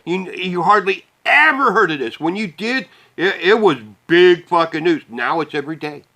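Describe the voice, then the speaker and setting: A man's voice: high voice, animated, normal speed, sharp tone. A man from the Midwest, delivering a profane, heated rant to the camera with bitter laughs. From Midwest United States. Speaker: vlogger. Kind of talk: angry ranting monologue.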